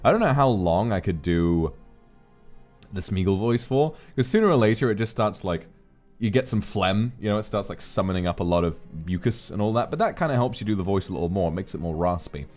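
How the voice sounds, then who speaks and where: Male streamer, casual chat, deep-ish voice with a lively melody. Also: fairly quick, soft background music. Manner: animated, jumps into voices and laughs.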